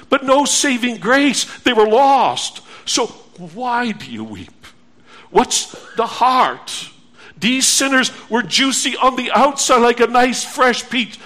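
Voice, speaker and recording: Man, preacher, high voice, earnest pleading sermon, repeats phrases. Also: fairly bright tone.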